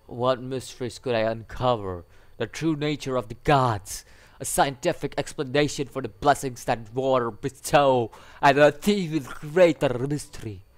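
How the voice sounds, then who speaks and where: A man voicing an eccentric, gleeful male scientist in a visual novel game, with a put-on foreign accent and theatrical, dramatic pauses. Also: mid-range voice, natural voice.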